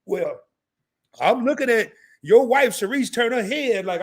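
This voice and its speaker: A hoarse man hosting a live interview stream, joking around in a loud, slangy, animated way. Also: extremely high pitch, a little slow. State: hoarse from laryngitis. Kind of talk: casual live-stream chat.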